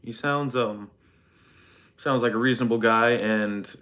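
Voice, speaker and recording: A young man livestreaming from his phone, speaking in a halting, hesitant, deadpan mock-sincere apology while reading chat. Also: medium pitch.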